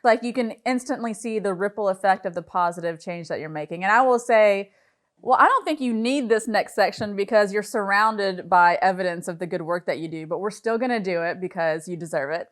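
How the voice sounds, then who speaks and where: Woman host, interview show, upbeat and chatty, mid pitch. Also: brisk. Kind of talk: conversational interview.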